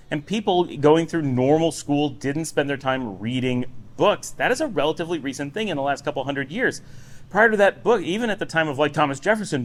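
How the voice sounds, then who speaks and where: Man chatting casually in a daily vlog. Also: on the high side. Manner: relaxed, rambling, conversational. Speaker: vlogger. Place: home office. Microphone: recorder on a table.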